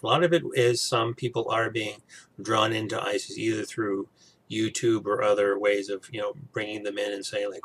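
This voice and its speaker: A man's voice: fairly low pitch, flat delivery, a little fast, fairly bright tone. A man vlogging in a casual chat, rambling with frequent restarts and asides.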